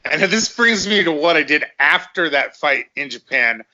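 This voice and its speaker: A middle-aged man, a former fighter, tells rambling, profane stories and keeps repeating himself. His voice is forceful and sits a bit high. The recording sounds slightly dull and lo-fi. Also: expressive, normal speed. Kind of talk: casual storytelling in conversation.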